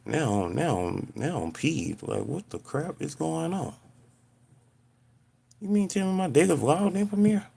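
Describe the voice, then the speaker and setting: A man hosting a casual live stream from home, chatting with viewers and ranting in an animated, exasperated way full of slang. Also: fairly high pitch, unhurried, vocal fry, pauses often, breathy edge.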